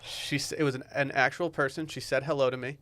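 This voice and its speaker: Fast-talking young man riffing on a podcast. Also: medium pitch, fairly even intonation, fairly bright tone, dry recording. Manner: rambling, jokey storytelling. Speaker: podcast co-host. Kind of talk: casual chat.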